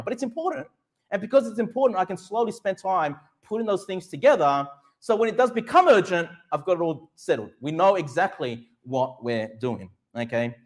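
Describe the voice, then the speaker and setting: A middle-aged man with a high voice preaching a sermon. He speaks with emphasis, asking his listeners questions and answering them himself. He draws out the key words of scripture slowly for effect. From Australia. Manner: slows right down to stress Bible verses. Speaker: pastor.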